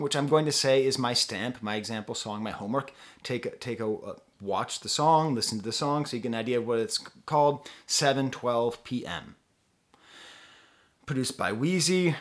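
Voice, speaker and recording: A man's voice: medium pitch, a bit bright. A man reviewing an album in a casual vlog, conversational and digressive, chuckling now and then. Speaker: music reviewer.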